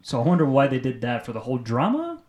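A man's voice: medium pitch, huge pitch swings, fast talker, darkish tone, highs cut off. A man hosting a casual podcast chat with friends, steering it with questions and jokes. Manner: steers the talk with questions, jokey. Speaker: podcast host.

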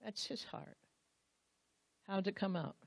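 Addressing the husbands in the room head-on, a woman Bible teacher preaches earnestly and dramatizes the quotes she reads aloud. She speaks slowly in a medium-pitched, creaky voice, with no echo.

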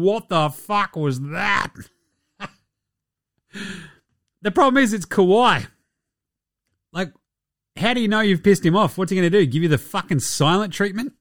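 A man's voice: high voice, fairly bright tone, no echo, studio quality. A young Australian man hosting a casual sports podcast, joking and swearing through his talk. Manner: irreverent, sweary, jokey banter. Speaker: podcast host.

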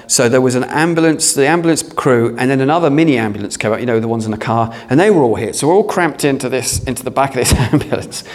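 A man, a pastor preaching a sermon and telling a lively, self-deprecating story while acting out the dialogue. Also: mid-range voice, long reverb tail.

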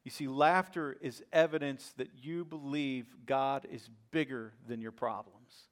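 A man preaching a sermon as a pastor, telling a story in a lively way and often checking in with "right?". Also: medium pitch, unhurried. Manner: acts out quoted voices with bursts of laughter.

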